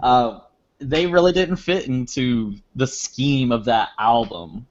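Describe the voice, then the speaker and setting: A man's voice: medium pitch, slow. A man on a casual hip hop podcast panel, agreeable and starting his points hesitantly. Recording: dull lo-fi mic with faint noise.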